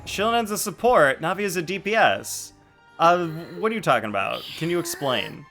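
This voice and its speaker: A man streaming a game, chatting casually and excitably with his viewers. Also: a little high, normal speed, soft background music. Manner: excitable, jokey, reacting to chat. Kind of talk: casual live-stream chat.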